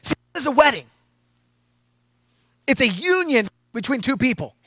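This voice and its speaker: A male pastor preaching a sermon in a playful, animated way, with asides to his congregation. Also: extremely high pitch, moderate pace, no room sound.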